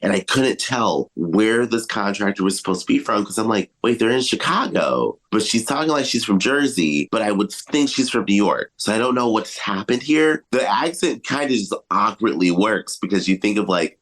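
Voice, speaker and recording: A man's voice: on the low side, expressive, normal speed, few pauses, fairly bright tone. A man co-hosting a podcast, chatting expressively about a sitcom episode. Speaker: podcast co-host. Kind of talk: casual chat recapping a sitcom episode.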